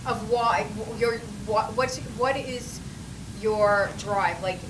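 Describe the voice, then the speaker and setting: A woman's voice: medium pitch, slow, noisy background. A woman hosting a talk show interview, effusive and encouraging with her guest. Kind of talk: casual interview.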